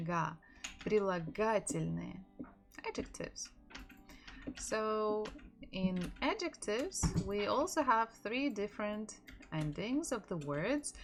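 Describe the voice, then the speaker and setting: A woman with a Russian accent teaching her native language in a live-streamed lesson, repeating words slowly for practice. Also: medium pitch, creaky.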